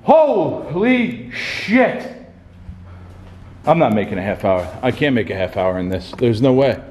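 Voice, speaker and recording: A man's voice: lowish voice, fast talker, a little mellow, a little hiss or hum. A man filming himself alone in an empty house at night, nervous and breathless, swearing and calling out to spirits. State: sweating and dizzy. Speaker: paranormal investigator vlogger. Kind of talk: alone ghost-hunting vlog.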